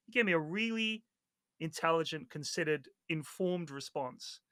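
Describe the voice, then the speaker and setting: A man chatting casually on a podcast, telling stories with lively acted-out quotes and plenty of swearing. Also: a little high, moderate pace, dry recording, clean studio sound. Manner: animated storyteller, acts out quoted people, swears freely. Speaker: Dota 2 caster, podcast guest.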